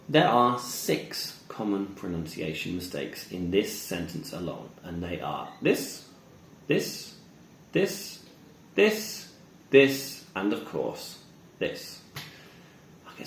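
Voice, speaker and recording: A man teaching English pronunciation, slowly modeling words and repeating examples. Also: low voice, huge pitch swings, vocal fry, a little hiss or hum. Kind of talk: pronunciation lesson. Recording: echoey room with faint ambience.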